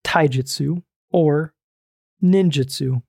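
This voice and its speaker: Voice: medium pitch, slow pace, gravelly, darkish tone, breathy edge, no room sound, studio quality. A podcast co-host in casual chat, joking and putting questions to the other host.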